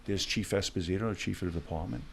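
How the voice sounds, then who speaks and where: Speaking low, quickly and with a creaky edge, a middle-aged man shares stories as a guest on a podcast interview. He was once a hostage negotiator and animatedly performs the dialogue as he goes. There's slight background noise.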